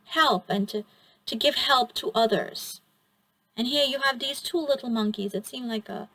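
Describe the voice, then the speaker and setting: Gravelly-voiced woman giving a card reading. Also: on the high side, no room sound, low-quality recording. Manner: gentle, encouraging, rambling. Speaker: oracle card reader.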